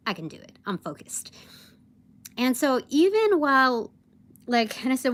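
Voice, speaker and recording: A woman's voice: high voice, sing-song, unhurried, pauses often, a bit bright. A young woman telling a work story on a casual livestream, rambling with many fillers and acting out her boss's lines. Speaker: vlogger.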